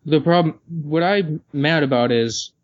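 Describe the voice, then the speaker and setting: A man's voice: fairly high pitch, measured pace, dry recording, highs cut off. A man co-hosting a casual podcast, reading listener mail and jumping into goofy put-on accents. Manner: jokey, slips into silly put-on accents while reading. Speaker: podcast co-host.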